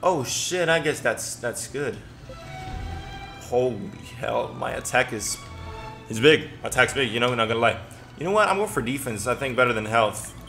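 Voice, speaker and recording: Bright-voiced, excitable young man stammering. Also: medium pitch, normal speed, vocal fry, soft background music. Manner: excitable, stammering, swears a lot. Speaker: gaming commentator. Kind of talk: casual gameplay commentary.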